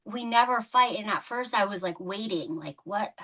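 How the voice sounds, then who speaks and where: A woman's voice: medium pitch, animated, moderate pace, pushed and bright. A woman hosting a podcast, chatting casually, laughing often and leaning on fillers. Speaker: podcast host. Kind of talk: casual interview chat.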